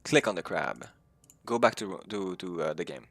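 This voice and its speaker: A man's voice: low-pitched, sing-song, normal speed, a bit bright, no room sound. A man streaming a video game, chatting loosely with his viewers and swearing freely as he rambles. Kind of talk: casual live-stream chat while gaming.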